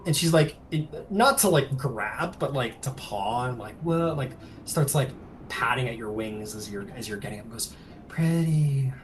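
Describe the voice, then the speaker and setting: Soft-spoken rambling game master. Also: male voice, medium pitch, normal speed, hardly any pauses, background noise. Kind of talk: narrating a tabletop game.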